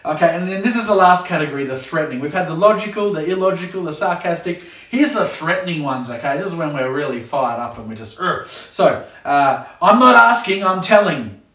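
Speaking briskly in a slightly high voice, a man who heads a kids club jokes around on camera and impersonates what parents say. It's a casual chat, picked up by a far-off mic in a roomy space.

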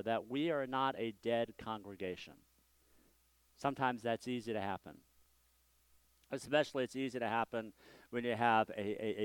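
A man's voice: medium pitch, smooth, dry recording. A male senior pastor giving a conversational, self-deprecating sermon from a church sanctuary, with frequent restarts.

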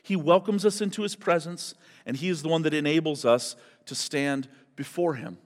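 A man preaching a sermon as pastor, in an animated, conversational way, often turning to people in the congregation. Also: fairly high pitch, normal speed. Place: church hall. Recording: long hall reverb.

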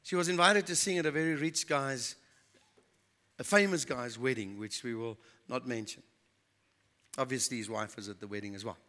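A man's voice: mid-range voice, moderate pace, long pauses, pushed and bright. A man preaching a sermon in an earnest storytelling manner, repeating points for emphasis.

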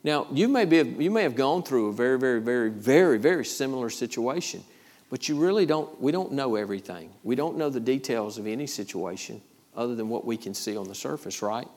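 A man's voice: medium pitch, animated, brisk, a little mellow. A male pastor delivers a sermon. He leans hard on key phrases, repeats them for weight, and checks in with the congregation with an "Amen?" now and then. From Georgia, USA. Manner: emphatic preaching with repeated phrases and calls of "Amen?".

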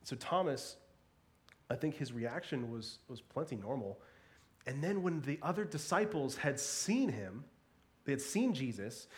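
A man giving a sermon in a conversational, animated way, with playful asides and frequent repeated words. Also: a little high, fairly quick. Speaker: pastor.

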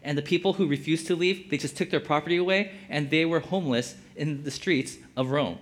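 A man's voice: on the high side, a little fast. A man giving casual Bible teaching as a preacher, conversational and full of filler words. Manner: conversational, lots of "like" fillers, acts out quotes.

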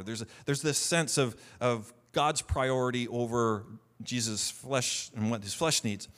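A man's voice: medium pitch, moderate pace, fairly bright tone. A man, a pastor, preaching a sermon in a conversational way, reading scripture aloud with rising emphasis and often repeating words as he restarts.

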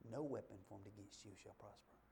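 A man preaching a sermon, putting on the hushed, breathy voice of a gentle, loving God in a whispered role-play, softly promising comfort. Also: fairly low pitch, fairly quick, a little hiss or hum, pitched below the performer's own voice. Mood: tender whisper. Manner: soft, tender, comforting promises. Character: gentle loving God, male, close and reassuring.

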